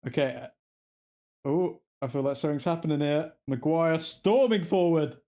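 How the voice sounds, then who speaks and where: With a fairly high, slightly mellow voice and a brisk delivery, a man runs a live football watchalong. He reacts to the play in real time and talks with his viewers, blending match commentary with fan chat.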